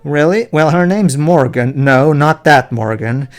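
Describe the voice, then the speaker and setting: A relaxed male hippie townsman who keeps calling people "man", as a man puts him on. The voice sits a little high. It is game dialogue read aloud. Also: measured pace, faint music behind. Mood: laid-back. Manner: drawls "man" at the end of lines.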